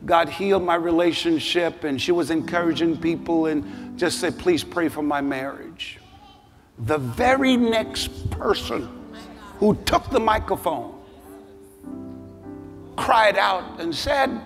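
A middle-aged man preaches in a sanctuary, his voice pitched high and full of animated storytelling. The sound carries a long hall reverb. Music plays clearly beneath him. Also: a little slow. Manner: animated storytelling, rising to shouted altar call. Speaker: bishop, pastor. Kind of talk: sermon. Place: large church sanctuary.

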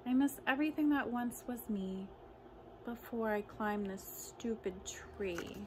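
A woman reciting comic poems in a deadpan, measured way. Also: a little high, noisy background. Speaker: poetry reader.

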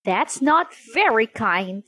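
A woman doing a quick-witted fisherman. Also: a little high, big pitch swings, fairly bright tone, no room sound, exaggerated voice. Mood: clever. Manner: crying out, sighing. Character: quick-thinking male fisherman.

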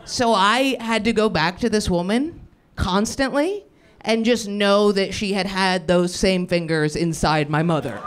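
Brief: young female stand-up, profane, quick improv riffs, pitched a bit high. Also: animated, a bit bright, slight background noise. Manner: brash, profane, rapid riffing with put-on voices. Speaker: stand-up comedian. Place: comedy club stage with audience.

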